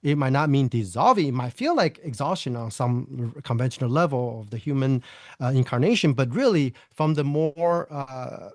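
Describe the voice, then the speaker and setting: A man speaks in a dry, close recording with a middle-pitched voice, musing through ideas on inner work. He thinks aloud, restarting sentences, asking himself rhetorical questions and slipping in small laughs as he goes. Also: lively intonation, moderate pace, no room sound. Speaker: guest teacher on nonduality. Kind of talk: reflective spiritual conversation.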